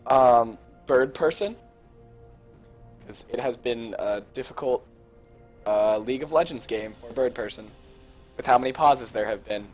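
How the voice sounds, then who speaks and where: Rambling, hesitant young student caster. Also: mid-range voice. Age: young adult. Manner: self-deprecating, rambling, hesitant. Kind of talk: casual rambling commentary during a pause.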